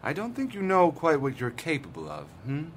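A man's voice: on the high side, wildly swooping pitch, a little fast, very noisy. An actor playing a smug male demon lord who speaks in a silky, patronizing way. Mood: gloating.

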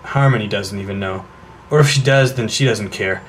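A man's voice: fairly low pitch, brisk, a little hiss or hum, close to an everyday voice. An actor playing an awkward, moody teenage boy who talks in a glum, self-conscious way.

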